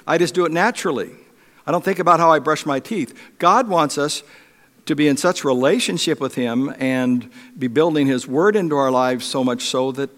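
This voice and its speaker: A man's voice: medium pitch, fairly bright tone, big-room sound. A middle-aged man from Europe preaching a sermon, telling stories in a conversational way with frequent restarts and fillers.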